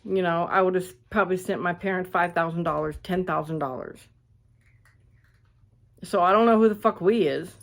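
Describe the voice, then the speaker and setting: A woman ranting casually to her viewers, blunt and animated, swearing freely, recorded on a phone indoors at a friend's house. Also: lowish voice, normal speed, creaky, pauses often. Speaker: vlogger.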